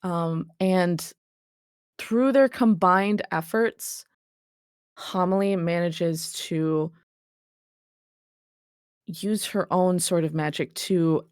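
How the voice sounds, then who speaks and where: A woman's voice: on the low side, no room sound, studio quality. A woman narrating a tabletop role-playing game as game master, describing scenes vividly and calling for dice checks.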